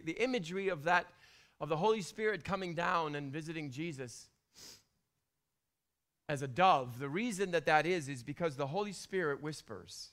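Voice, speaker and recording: In a high, bright voice, a middle-aged male pastor preaches a sermon. His delivery is animated, dropping to hushed whispers and rising into loud bursts.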